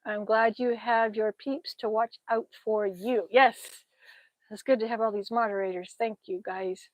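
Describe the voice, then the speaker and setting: A woman's voice: a little high, fairly even intonation, normal speed, dry recording, lo-fi sound. Chatty woman on a dry outdoor stream. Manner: chatty, reads viewer comments aloud and thanks them, laughs often. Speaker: livestream host. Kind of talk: casual livestream chat.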